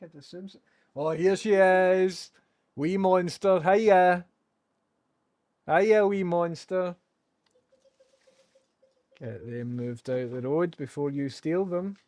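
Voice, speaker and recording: A man's voice: high-pitched, slow, pauses often, a little mellow. A man chatting casually on a live stream, cooing doting baby talk to his dog.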